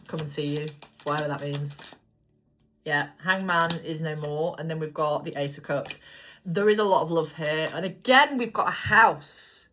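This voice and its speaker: A woman's voice: deep voice, fairly bright tone, slight background noise. Blunt, chatty woman reading tarot. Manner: chatty, blunt, swears freely. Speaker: tarot reader. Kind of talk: casual tarot reading to camera.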